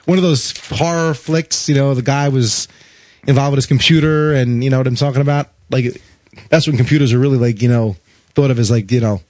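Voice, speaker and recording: A man's voice: medium pitch, fairly quick, a little mellow, no echo. A man co-hosting a podcast in casual banter, rambling and joking with lots of repeated words. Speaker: podcast co-host.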